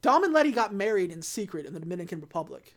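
A woman casually recapping a movie plot on a podcast, telling the story with lively energy and acting out the characters' lines. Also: fairly low pitch, rapid-fire. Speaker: podcast co-host recapping a film. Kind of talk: casual chat.

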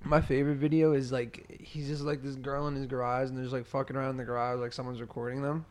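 A young man chatting casually on a podcast, retelling things in an excitable, rambling way. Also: mid-range voice, fast. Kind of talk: casual chat.

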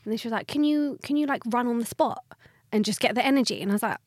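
A young woman hosting a casual podcast chat, telling lively stories about auditions and acting out the voices of the people in them. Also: a little high, rapid-fire, no room sound, clean studio sound. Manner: animated storyteller, acts out quoted voices. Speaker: podcast host, actor.

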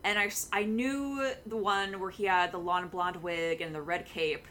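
A young woman co-hosting a casual podcast, telling a fan story with lots of filler sounds and excitement. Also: on the low side, normal speed. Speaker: podcast co-host.

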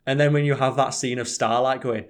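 A man's voice: mid-range voice, fairly even intonation, fairly quick. A man in casual chat, swearing often and acting out quotes.

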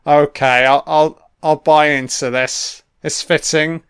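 A man's voice: fairly high pitch, steady tone, slow pace, fairly bright tone, smooth, no room sound, clean studio sound. A man giving a casual, blunt film commentary, swearing constantly and full of opinions.

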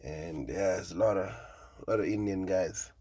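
A man's voice: low voice, animated, moderate pace, darkish tone, breathy edge, no echo. A man hosting his own podcast, rambling casually, laughing and swearing freely as he talks. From South Africa. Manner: loose and laughing, swears freely, lots of fillers. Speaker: podcast host and stand-up comedian.

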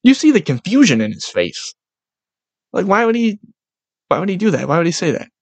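Brief: young guy, solo sports podcast rant, profane and animated, dry close sound. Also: high voice, fairly quick, gravelly, breathy edge, no room sound. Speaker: podcast host.

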